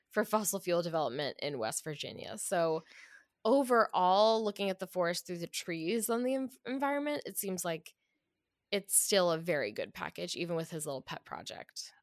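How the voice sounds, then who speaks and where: A woman in a casual political chat, chatty and full of fillers, getting animated when riled. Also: on the low side, dry recording, clean studio sound.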